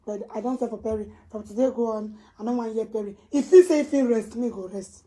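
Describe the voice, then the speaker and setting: A woman vlogger with a Nigerian Pidgin accent, ranting on camera and swinging from low muttering to loud, high scolding. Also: fast. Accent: Nigerian Pidgin English. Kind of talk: casual ranting vlog.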